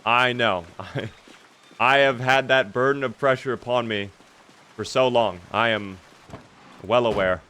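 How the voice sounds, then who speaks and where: A man's voice: mid-range voice, a little slow, long pauses, pushed and bright, a little hiss or hum. A young man streaming a zombie survival game, chatting casually and reading out viewer questions to answer them. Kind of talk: casual gameplay commentary reading chat.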